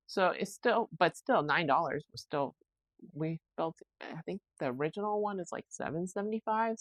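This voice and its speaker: A woman's voice: on the low side, fairly bright tone, no room sound. A young woman hosting a solo podcast, rambling in a chatty, self-reflective way. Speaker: podcast host. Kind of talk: casual solo podcast chat.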